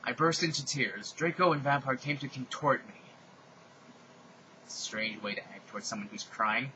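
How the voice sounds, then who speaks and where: A man giving a mocking dramatic reading in a deadpan tone with sarcastic asides. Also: medium pitch, moderate pace, highs cut off, slight background noise. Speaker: reader.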